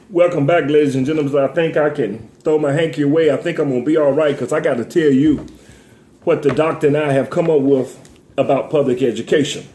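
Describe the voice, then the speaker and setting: A tearful man with a high-pitched voice delivers emotional commentary in a preacher-like cadence. He stammers and repeats words while sniffling. The sound is echoey, as if recorded in a bare room. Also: fairly even intonation, a little fast, warm tone. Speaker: talk show host.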